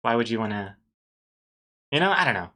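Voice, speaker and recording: Bright-voiced man chatting while drawing. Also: mid-range voice, sing-song, a little fast. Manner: chatty, laughs often, trails off mid-sentence. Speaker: artist streaming while drawing. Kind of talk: casual rambling chat while working.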